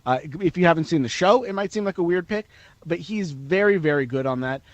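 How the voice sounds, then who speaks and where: A man's voice: fairly high pitch, lively intonation, a little fast, no room sound, dull audio. A man reporting as an entertainment correspondent in a radio interview, chatty and laughing as he tells anecdotes.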